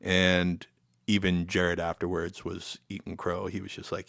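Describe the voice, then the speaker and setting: A man's voice: low voice, measured pace, vocal fry, dry recording, clean studio sound. A middle-aged man with an American accent, telling band stories casually as a podcast guest and acting out quotes. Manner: animated storyteller, acts out quotes with sudden loud jumps. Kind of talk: casual storytelling chat.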